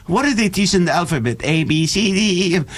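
A middle-aged man from the Middle East, a native Arabic speaker, chatting as a comedy guest in an animated, joking way and laughing often. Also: high voice, quick pace. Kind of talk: casual chat.

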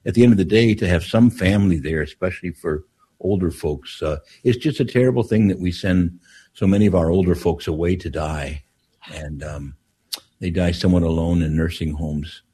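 An older priest talks slowly through his stories on a call-in show. His voice sits deep and has a husky edge. He often backs up and restarts his sentences. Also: mellow. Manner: unhurried storyteller with frequent restarts. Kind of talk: call-in radio talk, telling stories.

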